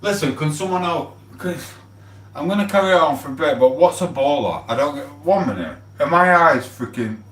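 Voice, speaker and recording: A man, rambling and swearing casually as he gives shout-outs on his livestream. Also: a little high, lively intonation, moderate pace, distant mic. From England. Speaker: livestream host. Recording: echoey room, off the mic.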